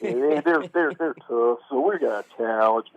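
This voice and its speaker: A man voicing a folksy high school football coach with a put-on regional drawl, slow and full of clichés, over a tinny phone line. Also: natural voice.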